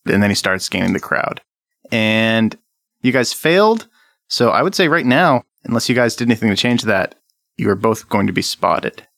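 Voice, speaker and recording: A man's voice: on the low side, expressive, moderate pace, vocal fry, a bit bright, no echo. A man narrating a tabletop role-playing game as game master, laid-back and laughing often.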